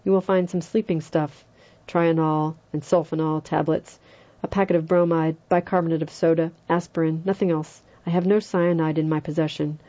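A woman's voice: sits low, fairly even intonation, normal speed, dark tone, lo-fi sound, close to an everyday voice. A woman doing a grim, defensive doctor. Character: doctor man, defensive and shaken.

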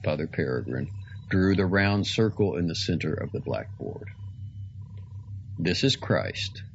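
A man reading a story aloud in a slow, deliberate, dramatic way. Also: very deep voice, lively intonation, dull audio, slight background noise. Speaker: narrator. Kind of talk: audiobook reading.

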